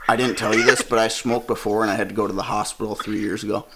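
A man voicing a panicking young male filmmaker in a low, anxious, pleading voice. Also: steady tone, fast talker, gravelly, very noisy. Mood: panicked.

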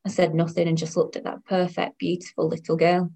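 A woman's voice: on the low side, level tone, fairly quick, gravelly, warm tone, breathy edge. A woman in her thirties narrating her own story in the first person, in a wry, weary tone. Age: 30s.

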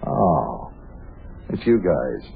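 A man's voice: low-pitched, big pitch swings, drawn-out words, vocal fry, slightly rough, heavily acted. An actor playing a flustered bedridden young man protesting to his visitors, on an old radio show. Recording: tinny old radio broadcast with faint hiss.

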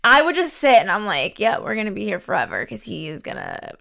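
A woman co-hosting a podcast, chatting casually with quick, expressive reactions and casual swearing. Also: medium pitch, gravelly. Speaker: podcast co-host. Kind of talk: casual chat.

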